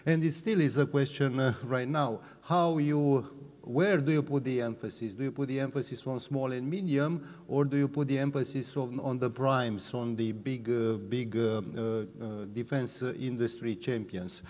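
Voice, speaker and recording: A man's voice: mid-range voice, steady tone, moderate pace, a little mellow. A man answering questions as a policy expert on a panel, hesitant with many fillers and restarts. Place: large hall or hangar. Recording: long hall reverb.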